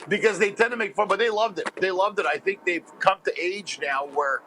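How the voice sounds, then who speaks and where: A comedian from Montreal tells stories as an interview guest, animated and quick to laugh. His voice is high and bright, pushing through each anecdote. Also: a little hiss or hum, poor audio. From Montreal, Canada. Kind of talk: storytelling interview chat.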